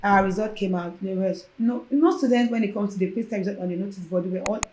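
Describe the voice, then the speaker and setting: Talking fast at a medium pitch, this young Nigerian-accented woman shares her own story on a podcast. She is lively, performing the other people's dialogue as she goes, and the room audibly echoes.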